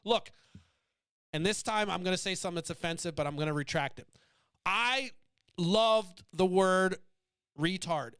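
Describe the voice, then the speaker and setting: Speaking briskly but with long pauses, a male podcast host with a high, bright, clean, resonant voice delivers a provocative political rant full of swearing. He strays into tangents, shrugs them off, and never apologizes for his bluntness.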